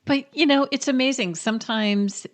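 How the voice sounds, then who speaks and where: A woman's voice: high-pitched, moderate pace. A woman hosting an interview, reflecting on her guest's story before asking about his transition. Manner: reflective, asks follow-up questions. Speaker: podcast host. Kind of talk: casual interview.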